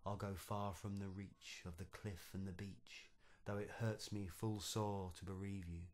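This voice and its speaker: A man's voice: low voice, little pitch movement, a little slow, a little mellow. A man voicing a young shape-shifting sea nixie woman, speaking tender and sorrowful in a storybook verse reading. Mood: tender, sad.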